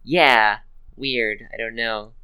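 Bright, smooth-voiced man joking dryly. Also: medium pitch, fairly even intonation, takes it slowly. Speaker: podcast co-host. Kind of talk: casual chat.

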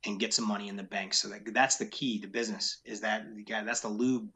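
A man's voice: lowish voice, fairly even intonation, brisk, bright, forceful tone. A man who owns a business, talking frankly and emphatically in a casual interview, often repeating his key points. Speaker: business owner.

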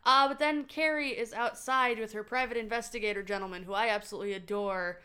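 Woman podcast co-host, casual and profane, bright tone. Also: a little high, steady tone, fast talker, smooth. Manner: casual, swears freely. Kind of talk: casual chat.

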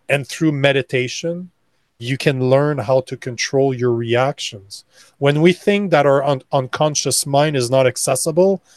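A man speaking as a guest on a podcast interview, blunt and emphatic, lecturing with slow deliberate stresses. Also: fairly high pitch, no echo. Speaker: guest, men's coach.

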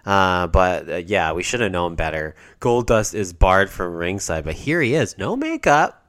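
Deep-voiced excitable podcast guy. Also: measured pace, no room sound, studio quality. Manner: profane, excitable, laughs often. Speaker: podcast co-host. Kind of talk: casual wrestling recap chat.

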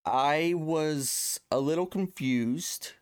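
A man's voice: fairly high pitch, drawn-out words, smooth, no echo, studio quality. A man co-hosting a podcast, chatting casually in a blunt, emphatic, ranting way. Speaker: podcast co-host. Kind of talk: casual chat.

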